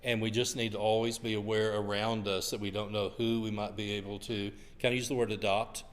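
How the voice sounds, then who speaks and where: A man's voice: on the low side, level tone, a little fast. A man sharing folksy family stories while co-teaching a church class. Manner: folksy, anecdotal. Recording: reverberant hall.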